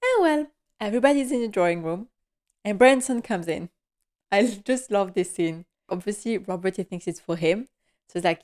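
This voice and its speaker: A woman's voice: mid-range voice, animated, normal speed, a little mellow. Chatty woman recapping a TV episode. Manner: chatty and enthusiastic, laughs often, paraphrases scenes. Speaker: podcast host.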